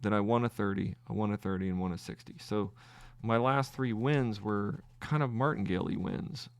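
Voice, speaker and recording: Thinking aloud during live commentary on his trades, a podcast host stops and restarts as he counts what he won and lost. The man's voice is lowish and smooth, with no echo.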